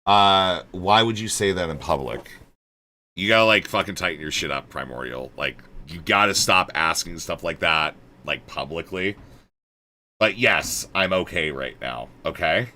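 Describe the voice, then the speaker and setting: A man streaming live and chatting casually, swearing a lot and swinging from low mumbles to exasperated shouting. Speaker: livestreamer.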